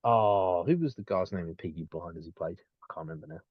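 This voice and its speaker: Brief: male podcast co-host, lowish voice, rambling with fillers, muffled dead-dry mic. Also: expressive, fairly quick, breathy edge, no room sound. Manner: rambling, many restarts and fillers. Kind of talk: casual chat.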